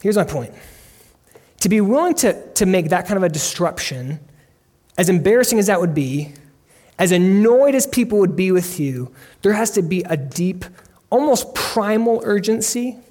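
Guy preaching a sermon, pretty high voice, earnest, tells stories and gets loud when acting stuff out. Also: lively intonation, moderate pace. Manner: earnest storytelling preacher, voice rising to shouts when acting out scenes. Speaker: pastor.

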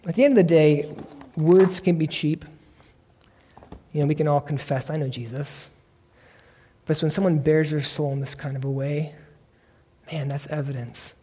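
A pastor, a man, preaching a sermon and telling stories with earnest conviction, his voice climbing into shouts when he acts out a scene. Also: fairly high pitch, fairly even intonation, normal speed, long pauses, breathy edge.

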